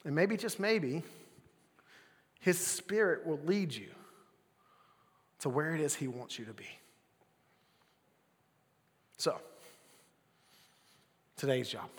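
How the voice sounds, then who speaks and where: A young adult man preaching a casual sermon as pastor, swinging between loud bursts and near-whispers. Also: medium pitch, slow, pauses often, long reverb tail.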